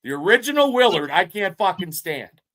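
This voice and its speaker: Brief: fifties male podcast co-host, high, bright voice, swears constantly, rambles through animated stories. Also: moderate pace. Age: 50s. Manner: profane, rambling, animated storytelling. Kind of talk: casual chat.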